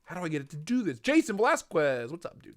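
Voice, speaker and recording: A man's voice: fairly high pitch, big pitch swings, quick pace, dry recording, clean studio sound. A man hosting a casual livestream, joking and reading chat aloud in a playful way. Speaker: livestream host.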